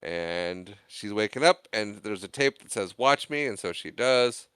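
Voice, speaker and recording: A man's voice: on the low side, animated, a little slow, fairly bright tone, clear, resonant tone, dry recording. A man co-hosting a podcast, casually recapping a movie scene by scene and acting out the characters' lines in exaggerated voices. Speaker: podcast co-host.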